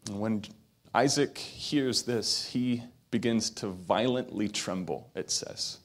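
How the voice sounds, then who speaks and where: A man's voice: fairly low pitch, measured pace, a bit bright. A man preaching a sermon, retelling a story with acted quotes and building to emphatic peaks. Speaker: pastor.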